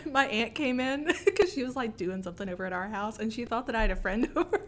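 A woman's voice: a little high, lively intonation, brisk. A woman co-hosting a casual podcast chat, telling funny stories and laughing often. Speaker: podcast co-host.

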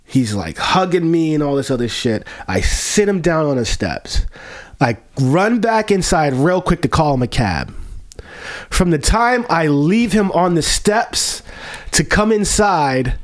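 A man's voice: fairly high pitch, very animated, measured pace. A man who works as a bartender tells a profane story in casual chat, laughing along as he goes.

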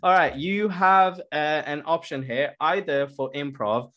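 A man hosting an interview podcast, moving briskly from question to question and game to game. He keeps his replies short and gets straight to the next prompt. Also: a little high, fairly bright tone, dull audio. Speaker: podcast host. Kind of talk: casual interview.

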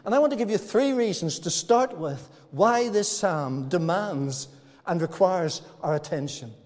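A man's voice: sits high, animated, unhurried, darkish tone. A man preaching a sermon in a church, talking to the congregation in a folksy, good-humored way. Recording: church hall reverb.

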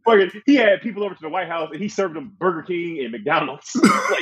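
A man's voice: high-pitched, big pitch swings, moderate pace, a bit bright, husky. A man in casual podcast chat, ranting emphatically and swearing freely.

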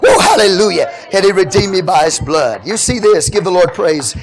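A man preaching a Pentecostal sermon, moving between fervent shouted praise and quieter teaching. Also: high-pitched, lively intonation, moderate pace, over music.

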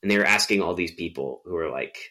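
A man with a fairly low voice, chatting casually on a podcast. He rambles, stacks up fillers and restarts, and tells stories with animation. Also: fast, sharp tone. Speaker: podcast co-host. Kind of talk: casual chat.

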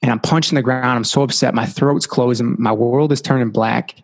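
A man's voice: mid-range voice, steady tone, fairly quick, vocal fry, long reverb tail. A young adult man, a podcast guest, telling a personal life story earnestly and often saying "like" and "you know".

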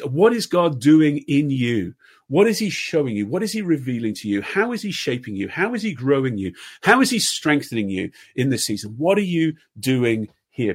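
A man in his fifties preaching a sermon, earnest, asking repeated questions and dropping to soft tones at times. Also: medium pitch, slightly rough. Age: 50s. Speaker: pastor.

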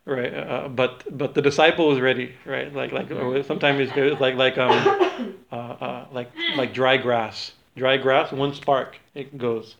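A man teaching a small group in an informal spiritual talk, halting with many fillers and restarts. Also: medium pitch, gravelly, lo-fi sound, very noisy.

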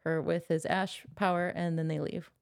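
A young woman co-hosts a relaxed book-club podcast, walking through the plot in a chatty, animated way. She laughs often, swears playfully, and slips into quoted lines as she retells the story. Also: lowish voice, moderate pace, gravelly. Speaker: podcast co-host. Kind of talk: casual book discussion podcast.

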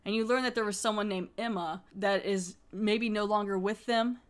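A woman's voice: medium pitch, fairly even intonation, moderate pace, soft background music. A woman talks through a TV episode for her podcast in a loose, rambling way. She laughs often and keeps an easygoing mid-range voice. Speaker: podcast host. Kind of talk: casual episode recap.

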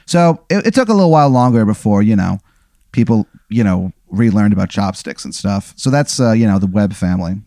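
A man's voice: fairly low pitch, animated, brisk, warm tone, dry recording, clean studio sound. A man improvising a story as game master, rambling with many fillers.

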